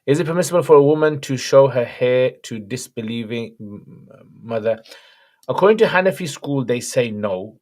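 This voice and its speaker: This is a man fielding viewer questions on a relaxed livestream, reading each one aloud before answering in a plain, chatty manner. His pitch is medium.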